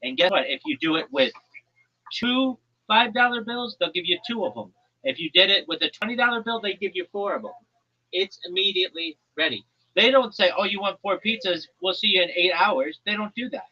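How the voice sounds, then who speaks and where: A man from New Jersey rants loudly and crudely, swearing as he builds up his comic argument. His voice is bright and edgy and sits a little high. The stream audio is muffled and lo-fi. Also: lively intonation. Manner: loud, brash, profane, fast ranting. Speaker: livestream host. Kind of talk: crude comedic rant.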